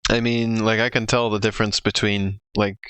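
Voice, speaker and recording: Casting: lower-voiced American man, laughy chatty streamer, dry close sound. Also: level tone, moderate pace, fairly bright tone, smooth, no echo. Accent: general American. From United States. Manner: chatty, lots of "like", laughs often. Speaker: streamer co-host. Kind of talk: casual chat over a game stream.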